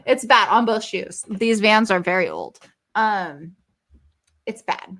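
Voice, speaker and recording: A woman co-hosting a podcast in casual chat, animated and swearing casually with frequent laughter. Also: mid-range voice, slow pace. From not from the South, Southern family. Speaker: podcast co-host.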